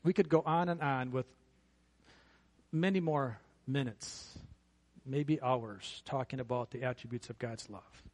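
A man's voice: mid-range voice, a little slow. A middle-aged man preaching a sermon in a church, earnest and building to fervent emphasis. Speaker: pastor.

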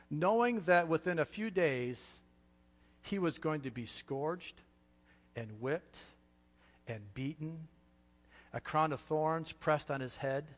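A man preaching a sermon with passion, dropping to a hush and then rising loud, in a church. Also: fairly high pitch, in a large hall. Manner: impassioned, swings from hushed to loud. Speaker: pastor.

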